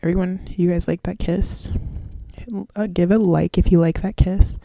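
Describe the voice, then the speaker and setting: A woman's voice: on the low side, fairly even intonation, moderate pace, vocal fry, warm tone, no room sound. A woman in her twenties hosting a podcast solo, rambling in casual slang and swearing freely. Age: 20s. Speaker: podcast host.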